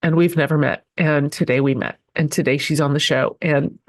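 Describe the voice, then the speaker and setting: A woman's voice: sits low, fairly even intonation, normal speed. A woman in her forties hosting a podcast, introducing her guest with gushing emotion and plenty of ums and restarts. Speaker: podcast host.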